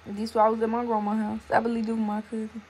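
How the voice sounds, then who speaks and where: A woman's voice: a little high, completely flat delivery, fast, a little mellow, slight background noise. A young woman reacting to her old videos in a chatty, giggly way, talking straight to her viewers. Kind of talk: casual reaction chat. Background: music.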